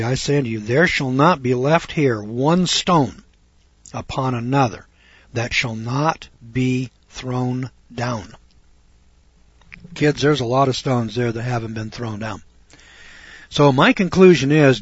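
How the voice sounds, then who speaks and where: Older male radio Bible teacher, husky and folksy, dry close sound. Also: mid-range voice, no room sound. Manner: folksy, chatty, rhetorical questions. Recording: dull dry lo-fi recording.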